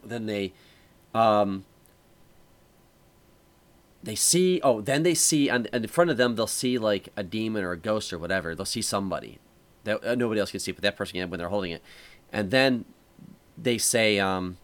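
A man's voice: on the low side, moderate pace, pauses often. A man hosting a casual podcast chat, rambling through a story with lots of fillers and restarts. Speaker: podcast host.

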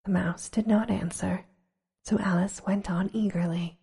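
Breathy whispering woman reading a storybook. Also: mid-range voice, fairly even intonation. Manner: slow, hushed and gentle.

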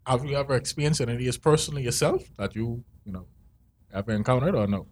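A man's voice: medium pitch, quick pace. A man co-hosting a casual podcast, laid-back, presenting topics and spelling words out as he explains.

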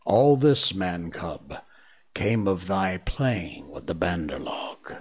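A man's voice: low voice, big pitch swings, slow pace, a little hiss or hum, exaggerated voice. A man reading aloud, voicing a proud, stern male black panther in formal old-fashioned speech.

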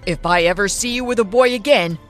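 A woman voicing a stern, hot-tempered retired officer father in an animated story, with a gruff, scolding manner. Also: medium pitch, fairly quick, faint music behind, close to an everyday voice.

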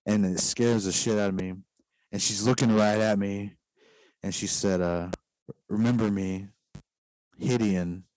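A man with a fairly low voice tells a story in a loose, rambling way, leaning on "like" every few words. The sound is dry and close, with no room echo. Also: fairly even intonation, moderate pace, darkish tone. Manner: rambling, heavy use of "like" fillers. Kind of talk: casual storytelling.

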